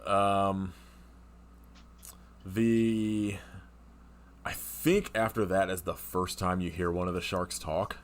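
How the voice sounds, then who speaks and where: A man co-hosts a podcast, casually reviewing a movie with animated retellings, frequent swearing and plenty of laughter. His voice sits low, and he speaks slowly with long pauses.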